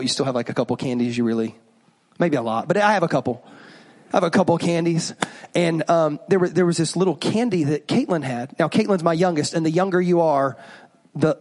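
His voice a little high, a pastor in his thirties gives a spirited sermon. He jokes around, shares anecdotes, and asks the congregation questions.

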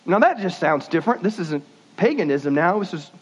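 A man preaching a sermon, animated and folksy, shifting his pace suddenly. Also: sits high, fairly quick, husky. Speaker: pastor. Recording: dull lo-fi sound.

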